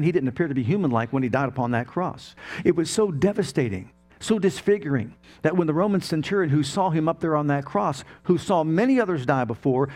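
Pastor, male, middle-aged, slightly higher voice; emphatic sermon delivery, questioning the congregation. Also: darkish tone. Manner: emphatic preaching with rhetorical questions.

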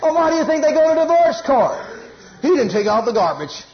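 In dull-sounding audio, a man with a very high voice preaches fairly quickly and with animation. He hammers points through repetition and acts out ordinary arguments.

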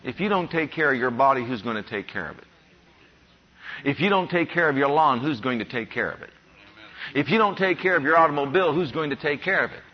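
A man preaching to his congregation in a fairly high voice. He reads scripture slowly and weighs each phrase, and the recording sounds dull and lo-fi. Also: animated. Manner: preacher reading scripture slowly, then telling stories with quoted voices. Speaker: pastor. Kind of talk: sermon. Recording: muffled lo-fi sermon recording.

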